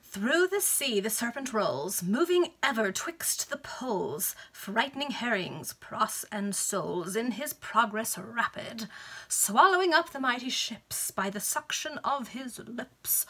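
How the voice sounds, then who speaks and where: Woman voicing an effeminate young baronet, affected lilt, raised pitch, bright, storybook reading. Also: animated, takes it slowly, husky, heavily acted. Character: effeminate young baronet of nineteen, silly and vain.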